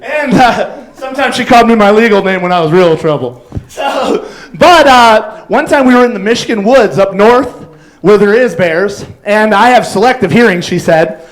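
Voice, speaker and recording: A man's voice: high-pitched, animated, normal speed, poor audio. A man doing a stand-up set on a club stage, telling rambling stories full of fillers and acted-out quotes. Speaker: stand-up comedian.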